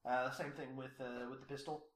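A man's voice: medium pitch, level tone, a little fast, echoey room, background noise. A man running a tabletop role-playing game as game master, talking casually and wryly with many restarts. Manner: rambling, restarts, wry.

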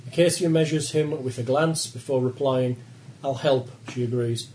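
Man, game master, mellow dark voice, measured narration, faint hiss. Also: medium pitch, rough recording.

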